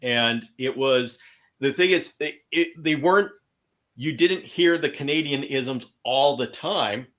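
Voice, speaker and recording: Male host, mid-pitched voice, stop-start delivery full of pauses. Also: a bit bright. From California. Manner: halting, lots of hesitations and restarts. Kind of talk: casual video chat.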